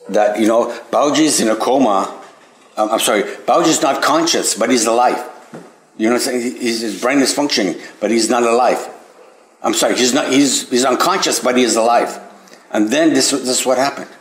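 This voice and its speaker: A man sharing personal memories with a group at a spiritual center, hesitant, with many restarts, rising high and animated when amazed. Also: moderate pace. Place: meeting room at a spiritual center. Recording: echoey room recording.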